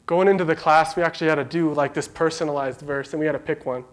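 A man's voice: on the high side, fairly even intonation, fast talker. A young man giving an informal devotional talk, telling a story in a chatty way, full of likes and rights.

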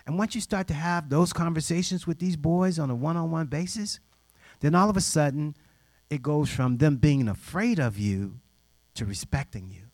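Animated middle-aged man telling stories. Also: a little high, normal speed, dry recording. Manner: animated storyteller who acts out quoted voices; direct, plainspoken, informal grammar. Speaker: youth mentor. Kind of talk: personal storytelling to an audience.

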